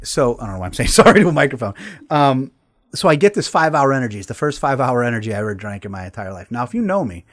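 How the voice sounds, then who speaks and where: A man's voice: mid-range voice, sing-song, rapid-fire. A man hosting a casual talk show, telling a long, profane story and laughing as he goes. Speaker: podcast host.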